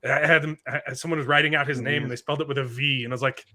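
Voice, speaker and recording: Bright-voiced man telling rambling stories. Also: medium pitch, steady tone, very fast. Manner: rambling storyteller, repeats words. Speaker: guest. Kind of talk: casual live-stream chat.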